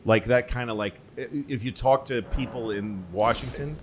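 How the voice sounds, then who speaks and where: A man hosting a comedy podcast, telling stories in a rambling, animated, profane way. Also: medium pitch, normal speed. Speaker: podcast host. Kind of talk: casual comedy podcast storytelling. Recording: noisy podcast recording.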